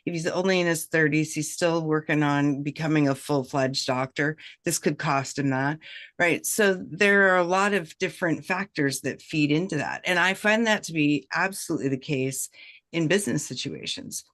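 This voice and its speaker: A woman who works as a professional negotiator, a guest on a video-call chat, speaking in a measured, reflective way and checking in often with "right?". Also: low-pitched, a bit bright. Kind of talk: casual chat, giving advice.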